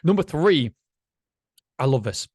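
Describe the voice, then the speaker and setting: A man hosting a solo motivational podcast, chatty and animated, swearing casually. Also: medium pitch, measured pace, husky, dry recording, studio quality. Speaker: podcast host.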